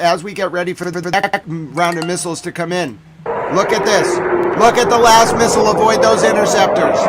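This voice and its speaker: Excitable high-voiced man streaming live. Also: background noise. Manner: excitable, swings between hushed and shouting; slangy, repeats phrases. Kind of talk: excited live commentary on footage.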